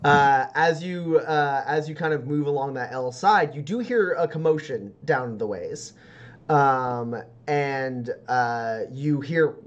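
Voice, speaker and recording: A man's voice: on the high side, lo-fi sound. Rambling male game master. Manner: rambling, filler-heavy description. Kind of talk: narrating a tabletop game.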